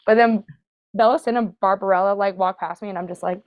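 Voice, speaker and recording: A woman's voice: medium pitch, steady tone, fast, muffled recording. Woman guest on a podcast, regular mid voice, rambly storytelling, laughs a lot. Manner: chatty, laughs often, many "like" fillers. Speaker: podcast guest, burlesque and drag performer. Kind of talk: casual storytelling chat.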